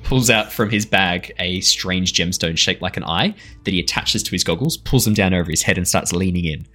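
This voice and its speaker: A man's voice: low voice, brisk, pushed and bright, faint music behind. A man narrating as game master in a tabletop game, casual, with many fillers and some laughs. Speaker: dungeon master.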